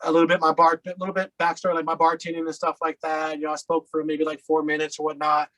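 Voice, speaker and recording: Casual interview guest: a man with a slightly high voice, rambling, filler-heavy storytelling. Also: completely flat delivery, quick pace, bright, forceful tone, low-quality recording. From Colorado.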